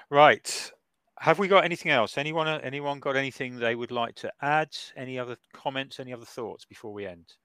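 A man's voice: medium pitch, normal speed, bright, forceful tone, clean tone, dry recording. Middle-aged guy hosting a chat show, laughs a lot, dry sound. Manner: chatty, laughs often. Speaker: podcast host. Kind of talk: casual chat.

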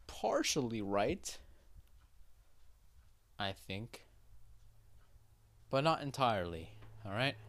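A man's voice: lowish voice, a bit bright, smooth. A man hosting a podcast in a casual monologue, rambling with many fillers, casual swearing and repeated checks of "right?". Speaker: podcast host.

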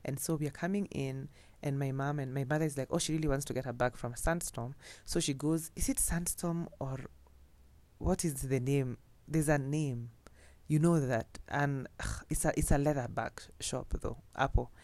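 A woman's voice: a bass voice, fairly even intonation, moderate pace, darkish tone, no echo. A young Kenyan woman chatting casually and telling personal stories, mixing in Swahili phrases and laughing often. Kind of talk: casual storytelling.

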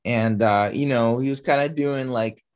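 A young man chatting on a casual podcast, talking around his point with many fillers and restarts. His voice sits at a middle pitch, and the audio is slightly dull and lo-fi. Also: moderate pace, clean tone. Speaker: podcast co-host. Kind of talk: casual chat.

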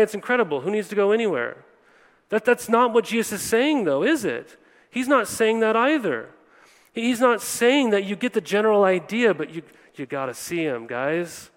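A man preaching a conversational sermon to a congregation, often acting out what people say. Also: sits high. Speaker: pastor. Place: church hall before a congregation. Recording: long reverb of a large hall.

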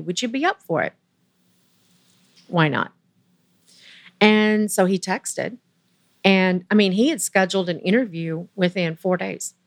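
A woman's voice: mid-range voice, dry recording. Earnest older woman telling her story. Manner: earnest, emotional, quotes others in lively voices. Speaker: interview guest. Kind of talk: emotional personal storytelling.

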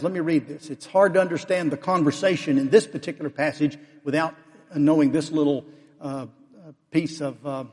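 Husky-voiced preacher in an echoing hall. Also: male voice, darkish tone. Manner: acts out the Pharisees' voices with rising pitch; fillers and restarts, expository. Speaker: pastor. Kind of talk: sermon. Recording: long hall reverb.

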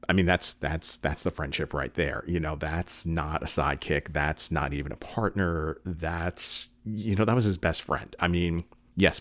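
Very deep-voiced man, earnest and rambling. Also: fairly even intonation, moderate pace, few pauses, fairly bright tone, no echo. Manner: earnest, rambling, with many fillers and restarts; emotional, getting choked up. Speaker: commentator. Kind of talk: casual video commentary.

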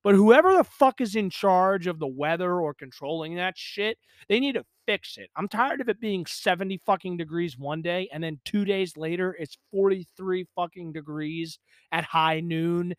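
A man's voice: sits high, moderate pace, dry recording, clean studio sound. A man hosting a solo podcast, swearing constantly and ranting angrily, recorded in a small pump house. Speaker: podcast host. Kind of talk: solo profane rant. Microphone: podcast microphone.

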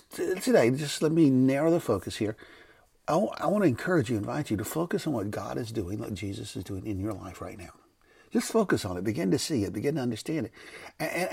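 Older man, pastor, husky voice, lowish pitch, loose rambling devotional talk. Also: mellow. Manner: rambling, self-correcting, conversational. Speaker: pastor and podcast host. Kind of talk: unscripted devotional podcast talk. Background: background noise.

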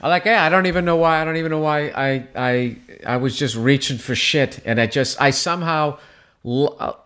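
A man, a comedian guest, telling a story in casual chat, profane and animated, acting out shouted quotes. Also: fairly high pitch, a little fast, clear, resonant tone.

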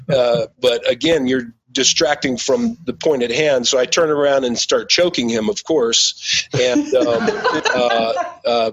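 A man's voice: medium pitch, breathy edge, no room sound, lo-fi sound. A man who is a former pro football player, telling a story in a blunt, profane way, loose with fillers. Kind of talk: casual storytelling.

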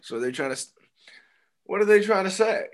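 A man's voice: sits high, expressive, normal speed. A young man co-hosting a casual chat, laid-back and joking, laughing often. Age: young adult. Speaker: podcast co-host and stand-up comic.

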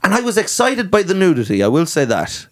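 Irish male guest, animated raised voice, comic storyteller with put-on quotes. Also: high voice, a little fast. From Ireland. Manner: joking storyteller, swears, puts on quoted voices. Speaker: podcast guest. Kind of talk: casual comedic chat.

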